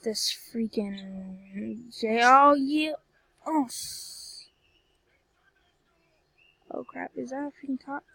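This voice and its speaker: Highish-voiced woman doing casual game commentary, rambly and grumbly, dry close sound. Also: very slow, gravelly, long pauses, fairly bright tone, husky, no room sound. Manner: rambling, exclaims and grumbles often. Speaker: gameplay video creator.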